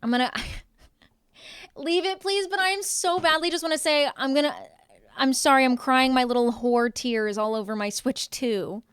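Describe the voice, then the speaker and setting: A woman's voice: sits high, moderate pace, fairly bright tone, clean tone, no echo. A young woman live streaming from home, chatting casually with her viewers and answering their chat with playful sarcasm.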